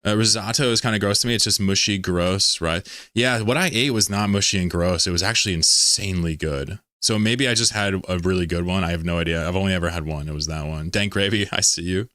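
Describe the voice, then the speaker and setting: Male streamer from Pennsylvania, low voice, loose joking chat with viewers, some cursing, dry recording. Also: a little fast, hardly any pauses, pushed and bright, no room sound. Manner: rambling, joking, swears freely. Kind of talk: casual live-stream chat while gaming.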